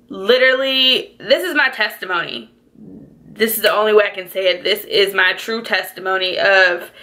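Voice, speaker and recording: A woman's voice: mid-range voice, sharp tone. A young woman telling her life story in a casual, chatty vlog, close to tears and full of "like"s and "y'all"s. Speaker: vlogger.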